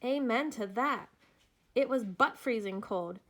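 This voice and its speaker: A woman playing a hot-tempered young girl, blunt and scornful, her voice fairly high. She snaps and accuses in a storybook reading. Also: a little slow, fairly bright tone. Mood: furious. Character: fierce, angry young Black girl.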